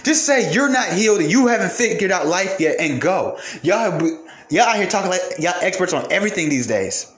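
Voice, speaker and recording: A man's voice: high-pitched, very animated, brisk, reverberant. A man hosting a podcast, delivering an angry, profane rant and repeating phrases for emphasis. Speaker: podcast host. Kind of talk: heated ranting monologue.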